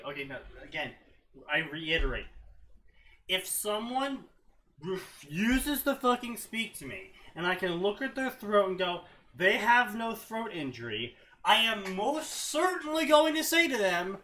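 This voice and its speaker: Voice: mid-range voice, expressive, a little slow, sharp tone. A co-host reading fanfiction aloud and ranting about it bluntly, with plenty of swearing, a little tipsy. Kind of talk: comedic reading and commentary.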